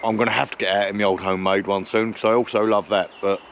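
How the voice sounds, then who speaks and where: A man's voice: on the low side, flat delivery, quick pace, slight background noise. A man chatting casually to camera on a woodland camping vlog, rambling and correcting himself with jokes. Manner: jokey, rambling, self-correcting. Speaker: camping vlogger. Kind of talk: casual outdoor vlog talk. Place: woodland outdoors.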